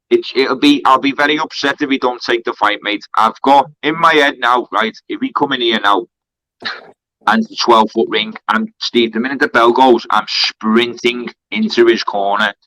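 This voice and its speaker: A man's voice: medium pitch, steady tone, normal speed, pushed and bright, no echo, poor audio. A man, a fighter on a charity card, trash-talking heatedly on a live stream from a kebab shop. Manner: aggressive, swearing trash talk.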